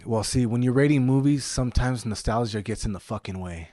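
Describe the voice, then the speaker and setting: Male podcast co-host, easygoing and profane, mid pitch, dry sound. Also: fairly quick, mellow, no echo. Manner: laid-back, swears casually. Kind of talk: casual podcast chat.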